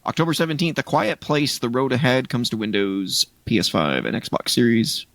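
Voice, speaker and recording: A man's voice: medium pitch, normal speed, fairly bright tone, no echo. A man co-hosting a gaming podcast in casual chat, rambling through a list of game releases with restarts. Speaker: podcast co-host.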